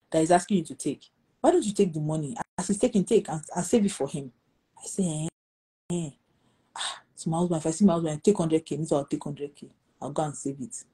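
Nigerian lady pastor telling a story, husky low-ish voice, acts out all the quotes. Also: dark tone, poor audio. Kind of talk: storytelling in a talk show conversation.

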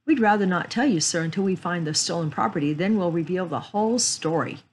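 A woman's voice: lowish voice, expressive, a little fast, a little hiss or hum. A woman voicing a courteous, eager teenage boy detective. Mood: firm.

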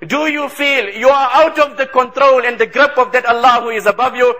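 Male preacher, very high voice with a bright, forceful edge, emphatic and repetitive delivery. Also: a little fast, few pauses. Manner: emphatic, repeats phrases for stress. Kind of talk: impassioned sermon.

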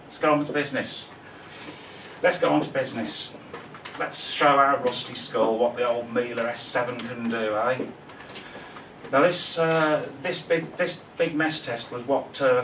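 A man chats and jokes in a rambling, casual vlog manner. He is recorded indoors at home by a camera mic on a tripod that sits some distance away. The room sounds echoey, and a faint hiss of noise sits underneath. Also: medium pitch. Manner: rambling, joking, chatty. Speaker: vacuum cleaner video host. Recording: roomy, mic set away.

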